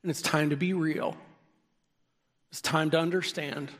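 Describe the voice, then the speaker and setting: A man preaching a sermon in a lively way, sometimes raising his voice to a shout for key lines. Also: on the high side, unhurried. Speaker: pastor. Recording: long hall reverb.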